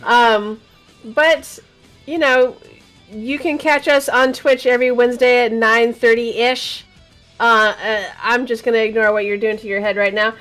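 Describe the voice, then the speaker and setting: A woman's voice: a little high, fairly even intonation, measured pace, a bit bright, soft background music. A woman co-hosting a casual gaming talk show, chatty and teasing, laughing often. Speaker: podcast co-host.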